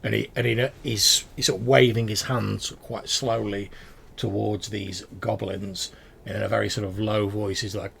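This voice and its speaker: Running a tabletop game as game master, this man narrates in a laid-back, hesitant way peppered with fillers. He speaks at a normal speed in a low-ish, gravelly, husky voice.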